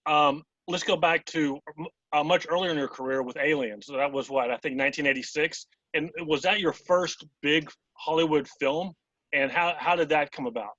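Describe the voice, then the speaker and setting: A man's voice: on the high side, moderate pace, fairly bright tone, no room sound. A man hosting an interview, asking long, rambling questions full of fillers. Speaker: interview host. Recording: dull lo-fi dry audio.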